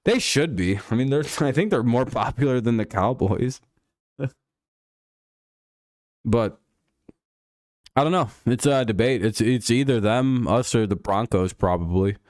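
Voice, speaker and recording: A man's voice: medium pitch, animated, measured pace, pauses often, darkish tone, no echo, studio quality. A man hosting a casual live stream, riffing sarcastically and swearing freely. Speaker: podcast host.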